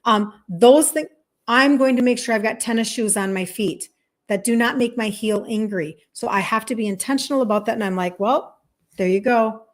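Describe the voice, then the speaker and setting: A woman's voice: on the high side, a little fast. Chatty woman in her fifties. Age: 50s. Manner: chatty, emphatic, laughs often. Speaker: health coach. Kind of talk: casual monologue to viewers.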